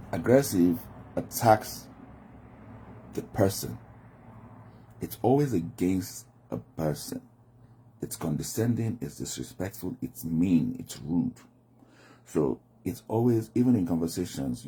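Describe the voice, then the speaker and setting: A Nigerian commentator delivers a reflective monologue on communication styles, frequently acting out the voices he quotes. He has a deep, warm voice, with slight background noise.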